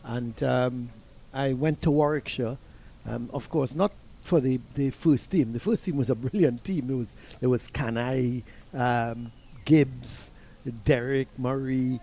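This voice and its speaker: A man's voice: mid-range voice, a little slow, dark tone. An older man with a Trinidadian accent, commentating cricket and telling long rambling stories with restarts. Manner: rambling anecdotes with many restarts.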